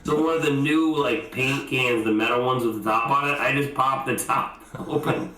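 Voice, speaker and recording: A man on a podcast telling crude childhood stories in casual chat, animated and laughing, acting out loud quotes. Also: medium pitch, normal speed. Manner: animated storyteller who laughs and acts out shouted quotes. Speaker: podcast co-host. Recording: echoey room with faint background noise.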